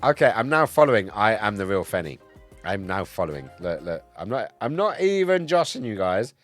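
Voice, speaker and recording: A man streaming live in casual chat, a bit tipsy, excitable and swearing, swinging between loud outbursts and low mumbles. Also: fairly quick, soft background music. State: tipsy from cider.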